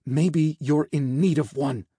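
A man's voice: on the high side, fairly even intonation, slow pace, mellow, slightly rough, dry recording, clean studio sound, full character voice. A man voicing a stern, scolding angel. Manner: hissing, scolding. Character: stern, commanding male angel companion. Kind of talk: audiobook character voice.

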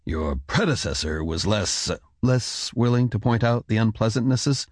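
A man's voice: lowish voice, lively intonation, normal speed, no room sound, studio quality. A man voicing a stern, demanding ruler who speaks curtly and coldly. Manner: curt, commanding.

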